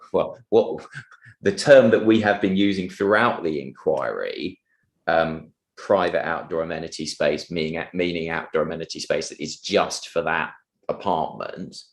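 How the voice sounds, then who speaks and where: A man cross-examining a witness at a public inquiry, polite and halting, with many restarts and fillers. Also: rumbling low, reverberant. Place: public inquiry hearing room.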